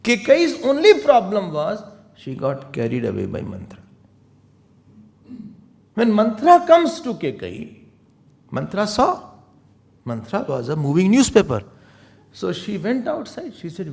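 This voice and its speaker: A man gives a spiritual discourse as a teacher. He tells stories animatedly, in a high voice with a gravelly edge that swings widely in pitch. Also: a little slow, long pauses. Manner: animated storytelling, mixing in Hindi phrases.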